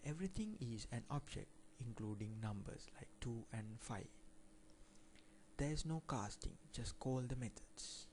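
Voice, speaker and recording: A man's voice: mid-range voice, darkish tone, a little hiss or hum. A man teaching programming in a screen-recorded tutorial, reading code aloud line by line and plainly explaining what it does. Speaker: programming instructor.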